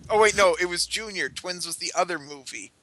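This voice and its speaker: A man's voice: sits high, fairly quick, sharp tone, low-quality recording. A man co-hosting a podcast in casual chat, ranting and cursing and laughing often. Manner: ranting, profane, laughs a lot. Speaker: podcast co-host.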